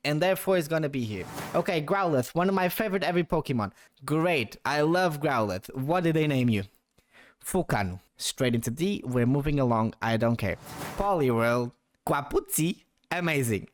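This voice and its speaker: A young man giving playful, casual commentary as he ranks names, laughing often and swearing now and then. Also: fairly high pitch. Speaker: YouTuber ranking names.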